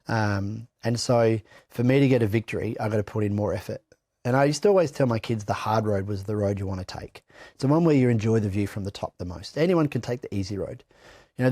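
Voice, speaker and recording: A man's voice: on the low side, vocal fry, darkish tone, no echo, clean studio sound. A middle-aged Australian man giving blunt, candid personal testimony in an interview, swearing freely and often restarting his sentences. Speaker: interview guest.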